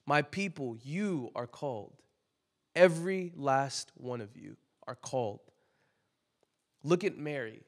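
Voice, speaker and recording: A young man preaching a casual, conversational sermon, full of "like" fillers, that builds to loud emphatic peaks. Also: medium pitch, moderate pace.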